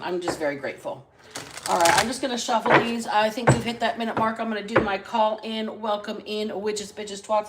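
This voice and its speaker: A woman's voice: mid-range voice, slight background noise, poor audio. A woman hosting a casual tarot-reading livestream, chatting bluntly and swearing freely. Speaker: tarot reader and livestream host.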